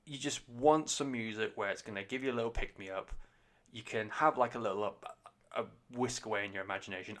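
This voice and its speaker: A man's voice: fairly low pitch, a bit bright. A man hosting a podcast, giving a casual, rambling album review full of swearing, fillers and restarts. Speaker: podcast host, music reviewer.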